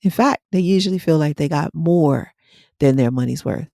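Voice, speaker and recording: A woman's voice: low voice, normal speed, vocal fry, warm tone, dry recording, studio quality. A middle-aged woman hypnotherapist giving a casual, blunt and direct motivational talk on her podcast.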